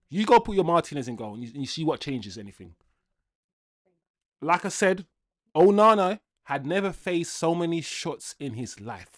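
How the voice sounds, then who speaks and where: A young man hosting a live football watchalong, ranting casually to his chat and swinging between loud outbursts and low muttering. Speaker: livestream football watchalong host.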